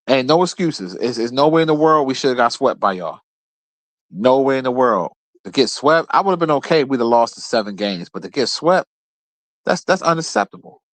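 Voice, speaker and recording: A man's voice: mid-range voice, no room sound. A man hosting his own show, ranting about basketball in a blunt, profane, trash-talking way. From Philadelphia area. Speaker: host. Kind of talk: casual sports rant.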